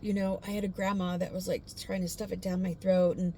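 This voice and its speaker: A woman sharing her personal faith testimony in a casual, earnest, heartfelt way, pausing often with fillers. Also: medium pitch, flat delivery, mellow, a little hiss or hum.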